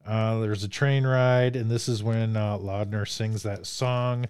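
A man's voice: on the low side, fairly even intonation, a little slow, darkish tone, smooth, no echo. A man hosting a casual movie discussion podcast, joking and reading from his notes. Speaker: podcast host.

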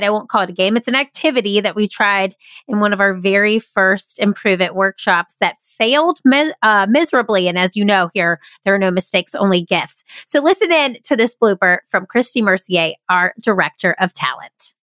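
A woman hosting a company video, introducing stories with enthusiastic, drawn-out delivery. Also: medium pitch, fairly bright tone, smooth, dry recording, clean studio sound. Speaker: host and company founder.

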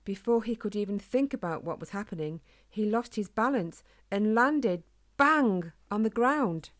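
A woman reading a children's storybook aloud in a calm, gentle, steady way. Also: medium pitch, a little slow. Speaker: narrator.

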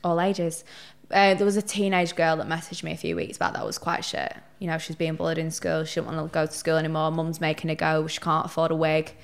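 Chatty young woman, low voice. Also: a little fast, gravelly. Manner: chatty, animated storyteller who swears casually. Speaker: podcast guest. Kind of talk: casual interview chat.

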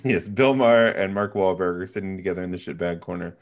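A man's voice: low-pitched, fast. A man chatting casually about a film with friends, hesitant and full of fillers. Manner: hesitant, many fillers and restarts.

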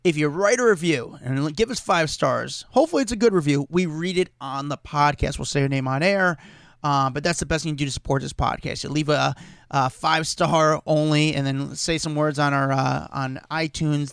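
A man's voice: fairly high pitch, a little fast, gravelly, fairly bright tone, no room sound. A man co-hosting a podcast, chatting in an easygoing, jokey way. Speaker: podcast co-host. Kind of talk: casual podcast chat. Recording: dry close mic, glitching at times.

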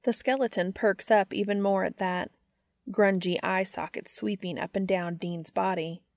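A woman's voice: medium pitch, steady tone, normal speed, dry recording. A woman narrating a comic story with a wry, dry delivery. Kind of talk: fan fiction reading.

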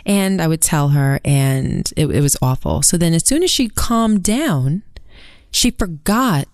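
Earnest low-voiced woman storyteller. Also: animated, unhurried, a little mellow, dry recording, studio quality. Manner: earnest storytelling, mimics family members in quotes. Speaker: podcast co-host. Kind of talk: casual conversation.

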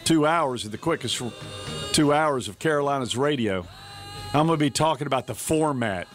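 A man hosting a talk radio show, speaking in an animated way with repeated phrases and joking with his co-host. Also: mid-range voice, normal speed, over music.

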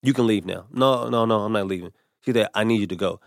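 Low-voiced man telling a story. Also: fast talker, vocal fry, no room sound, clean studio sound. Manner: animated storyteller acting out quotes. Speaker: comedian guest. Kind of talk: casual storytelling.

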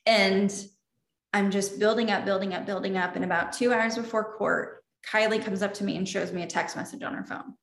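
A woman's voice: medium pitch, steady tone, fairly quick, gravelly. A woman telling a personal story in an interview, earnest and openly emotional. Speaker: interview guest. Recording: roomy echo.

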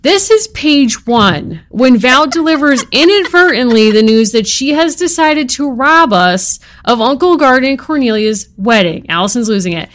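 Woman podcast co-host, slightly high voice, wry and theatrical, casual book-club banter. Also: expressive, normal speed, few pauses, fairly bright tone. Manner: wry, dramatic, exasperated humor. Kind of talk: casual podcast chat, reading a book aloud.

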